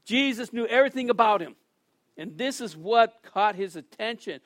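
Guy with a high voice preaching casual, lively, dry close sound. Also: moderate pace, no room sound. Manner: animated, restarts often, acts out quotes. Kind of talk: casual sermon.

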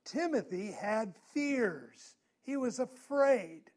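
A man with a notably high voice preaches a sermon built around a personal story. He talks to the congregation conversationally, asking them questions along the way. His voice turns louder and more urgent at the tense points. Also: lively intonation, takes it slowly. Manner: conversational, asks the listeners questions.

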